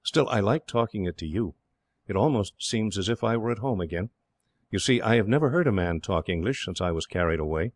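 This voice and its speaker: A man voicing an exhausted, gentle young English girl who speaks softly and sighs. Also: on the low side, expressive, a little fast, dry recording. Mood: wistful. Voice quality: soft, sighing.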